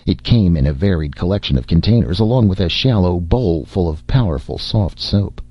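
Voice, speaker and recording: A man narrating a novel as an audiobook reader, with an expressive, varied delivery. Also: sits low, normal speed, breathy edge, no echo. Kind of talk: scripted narration. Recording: dull, dry lo-fi recording.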